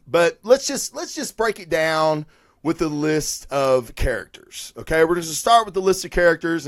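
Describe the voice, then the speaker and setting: A man hosts his own live review show in a casual, chatty ramble. He swears freely and corrects himself as he goes. His voice sits a little high for a man, and it is caught close on a mic with no room sound at all. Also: no echo. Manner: rambling, chatty and profane, with frequent fillers and self-corrections. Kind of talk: casual live-stream talk.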